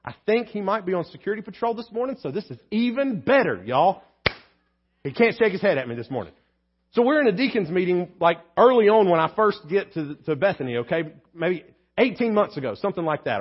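A man's voice: high-pitched, big pitch swings, a little fast, breathy edge, muffled recording. A pastor preaching a sermon in an earnest, joking storytelling way, often repeating words as he goes.

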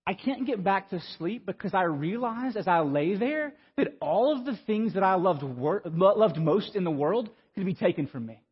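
A man, preaching a sermon and telling a story in an animated, stammering, self-mocking way. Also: high-pitched, normal speed, few pauses, breathy edge. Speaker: pastor. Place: church sanctuary. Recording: muffled sound with long hall reverb.

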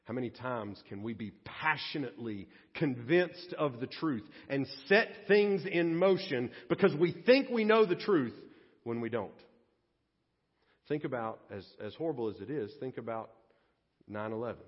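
A man preaching a sermon as pastor, dramatic, swinging between loud bursts and hushed low passages. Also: animated, normal speed, husky. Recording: dull lo-fi audio with long church reverb.

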